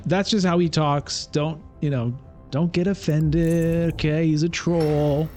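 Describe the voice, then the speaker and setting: A man's voice: on the high side, fairly even intonation, slow pace, darkish tone, faint music behind. A man giving casual, chatty commentary as he plays a digital board game, thinking aloud. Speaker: streamer.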